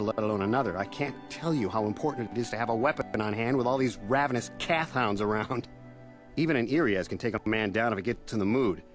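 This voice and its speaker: A man's voice: mid-range voice, natural voice. A man voicing a defensive, flustered middle-aged settler suspect in a video game, speaking earnestly. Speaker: game character. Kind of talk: studio video game voice acting.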